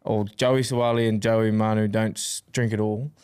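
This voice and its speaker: A man's voice: lowish voice, flat delivery, moderate pace, a little mellow, clean tone. A young man, co-hosting a podcast in casual chat and telling rambling stories with plenty of laughter. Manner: rambling storyteller, laughs often. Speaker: podcast co-host.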